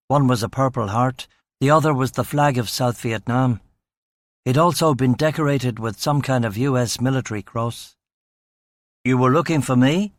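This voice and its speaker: A man's voice: mid-range voice, no echo. A man narrating a crime audiobook in the first person with a dry, wry, matter-of-fact delivery.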